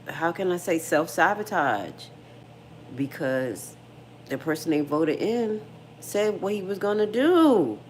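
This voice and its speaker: A woman's voice: lowish voice, a little hiss or hum. A middle-aged woman hosting a casual livestream, frank and slangy, talking straight to her viewers and reading their comments. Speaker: livestream host.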